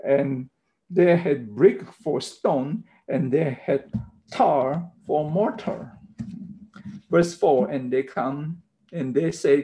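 A man preaching a sermon, teaching slowly through a Bible passage in non-native English phrasing, with emphatic repeated checks like "okay.". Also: on the high side, dark tone, rough recording. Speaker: pastor.

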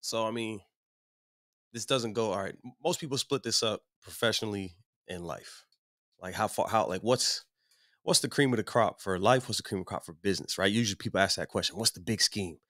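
Low-voiced man in dry casual chat. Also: fairly quick, a bit bright, no room sound. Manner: laughs along, chimes in.

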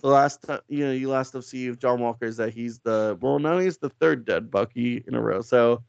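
A man's voice: mid-range voice, brisk, gravelly, a little mellow, dry recording, muffled recording. A man casually recapping a comic book in a rambling, profane, laid-back way, with frequent fillers. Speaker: comic book podcast co-host.

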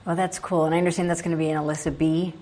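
A woman hosting a casual interview, encouraging and quick to laugh. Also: low voice, flat delivery, mellow.

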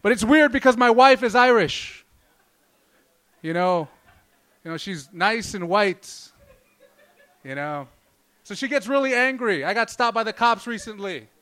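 Male stand-up comic, fairly high and smooth voice, profane, rambling, loose. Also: animated, measured pace, long pauses, a bit bright. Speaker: stand-up comedian. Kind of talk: stand-up comedy set.

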